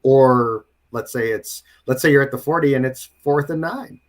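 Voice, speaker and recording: A man's voice: mid-range voice, moderate pace. A man co-hosting a casual sports podcast, talking with emphatic, storytelling energy. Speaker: podcast co-host.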